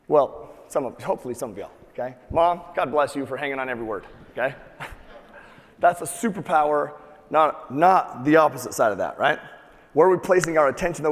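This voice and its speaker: A man giving a live motivational talk to an audience, energetic and profane, having the crowd repeat key words back to him. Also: on the high side. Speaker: motivational speaker. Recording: long hall reverb.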